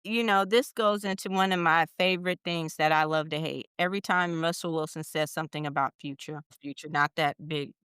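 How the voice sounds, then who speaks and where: A woman talks through a casual podcast chat, blunt and slangy, with exasperated asides. Her voice is very clear and smooth. The sound is dry and close. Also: sits low, steady tone, a little fast, hardly any pauses, a bit bright, dry recording. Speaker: podcast co-host.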